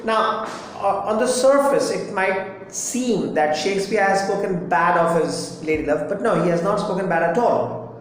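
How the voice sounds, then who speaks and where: A high-pitched man, teaching a poem slowly and deliberately. He repeats phrases and spells words out letter by letter. The recording is very echoey, with a faint hum behind him. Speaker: English teacher. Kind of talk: explaining a poem line by line.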